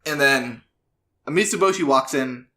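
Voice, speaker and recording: A man co-hosting a casual podcast, retelling an episode loosely with fillers and quick voiced-out quotes. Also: mid-range voice, bright, forceful tone. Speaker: podcast co-host.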